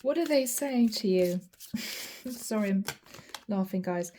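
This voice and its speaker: Giggly tarot reader woman, mellow voice. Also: mid-range voice, expressive, slow, a little hiss or hum. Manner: laughs often while reading, acts out what the other person says. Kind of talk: channeled tarot reading.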